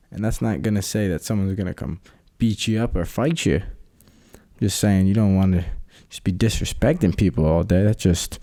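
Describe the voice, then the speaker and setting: A man's voice: on the low side, mellow. A young man hosting a casual solo podcast, rambling loosely with lots of slang and fillers. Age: young adult. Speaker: podcast host. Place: his own room.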